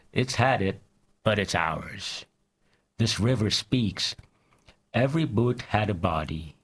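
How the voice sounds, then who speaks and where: A man with a somewhat low voice chats casually and reads poetry aloud. He takes it very slowly, in a measured, pausing recital. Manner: slow, measured recital with pauses. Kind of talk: casual chat and poetry reading.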